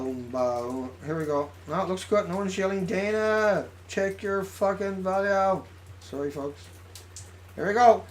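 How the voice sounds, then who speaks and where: Sarcastic vlogger, bright sharp voice, rambles through headlines. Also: medium pitch. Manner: rambling, sarcastic, mutters asides to self. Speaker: video blogger. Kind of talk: casual commentary reading news headlines.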